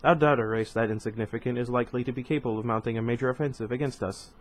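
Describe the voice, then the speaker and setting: A man voicing an oily, smoothly polite male alien politician who sounds skeptical. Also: medium pitch, fairly even intonation, very fast, close to an everyday voice.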